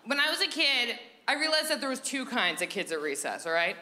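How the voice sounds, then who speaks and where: Lively high-voiced woman doing stand-up. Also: fairly quick. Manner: goofy, acts out squeaky and whispery characters. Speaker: stand-up comedian. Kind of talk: stand-up comedy set. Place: comedy theatre stage with audience. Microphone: handheld stage microphone. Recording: live theatre recording with audience noise.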